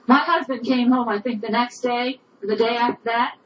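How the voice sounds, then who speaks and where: A woman's voice: on the high side, fairly even intonation, normal speed, a bit bright, highs cut off, slight background noise. A woman telling a personal story with indignation, often repeating "I said" as she recounts arguments. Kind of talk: personal testimony.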